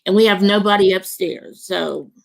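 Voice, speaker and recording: A woman's voice: mid-range voice, normal speed, creaky. A woman hosting a casual chat among friends, gushing with praise for others. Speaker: host.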